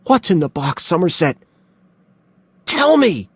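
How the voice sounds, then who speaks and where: A man voicing a hot-tempered young male detective who shouts in a high, strained voice. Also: big pitch swings, a little slow, no echo. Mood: furious.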